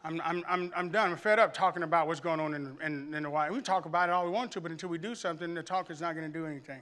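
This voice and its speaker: A man's voice: a little high, fairly even intonation, rapid-fire, hardly any pauses, pushed and bright. A man preaching a sermon to a congregation, building intensity with repeated phrases and folksy storytelling. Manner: preaching with rising intensity and repetition; tells humorous family anecdotes to the congregation. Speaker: pastor.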